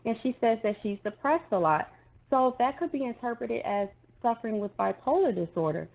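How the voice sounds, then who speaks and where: A woman's voice: a little high, expressive, fairly quick, vocal fry, crowd noise. Female guest commentator, earnest and conversational, tinny phone-line sound. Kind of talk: casual online commentary chat.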